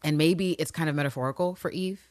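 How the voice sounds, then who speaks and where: A woman co-hosting a casual recap chat, animated and swearing freely as she acts out the characters' lines. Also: sits low, fast talker, no echo. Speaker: podcast co-host.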